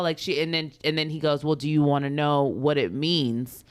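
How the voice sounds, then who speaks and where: Smooth-voiced woman retelling a story. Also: low voice, fairly quick, few pauses. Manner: chatty storyteller, many ums, acts out quotes. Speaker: podcast co-host. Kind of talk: casual chat, retelling a story.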